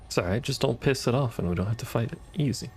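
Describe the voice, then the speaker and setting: A man's voice: mid-range voice, lively intonation, fast, a little mellow, breathy edge. A man giving casual, wry commentary as he plays a game, muttering and swearing at enemies. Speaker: gaming streamer.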